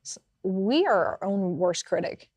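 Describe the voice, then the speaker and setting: A woman co-hosting a podcast, telling stories in a lively, casual way and laughing often. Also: mid-range voice, unhurried, slightly rough, no room sound. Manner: animated storytelling, laughs often. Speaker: podcast co-host. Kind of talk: casual faith chat.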